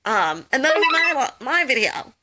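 A woman's voice: sits high, sing-song, a little slow, pushed and bright. A young woman giving casual advice on a live call, chatty and jokey, full of "um" and "like". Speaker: host of a social media tips call.

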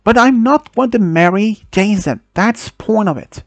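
Male reader doing upset teen girl, raised pitch, halting pleas, storybook read. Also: lively intonation, dry recording. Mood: pleading. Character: teenage girl Janet, upset but defiant.

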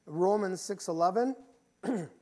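A man's voice: high voice, unhurried, warm tone. Earnest middle-aged male pastor preaching. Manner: earnest, repeats words as he restarts, often clears his throat. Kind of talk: sermon.

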